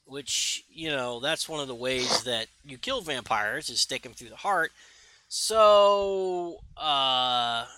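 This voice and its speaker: A man on a remote call, chatting casually about a comic book in a relaxed way. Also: mid-range voice, slow, slight background noise. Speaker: podcast co-host.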